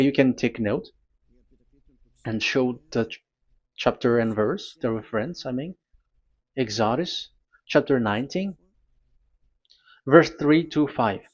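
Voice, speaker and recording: Man, preacher, halting teaching sermon, mid-pitched voice, muffled lo-fi recording. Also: a little mellow. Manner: halting, repeats words, talks to a technician.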